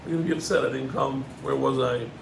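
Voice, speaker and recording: A middle-aged man, a rabbi, gives an animated Torah lesson, climbing in pitch on emphatic points and mixing in Hebrew terms. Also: fast, vocal fry, a little hiss or hum, rough recording.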